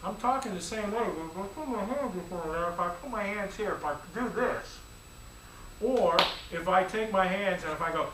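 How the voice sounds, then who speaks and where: A man, a music teacher, giving a lively, playful classroom lecture full of demonstrations. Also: high-pitched, brisk, noisy background. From United States. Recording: echoey room, distant mic, faint ambience.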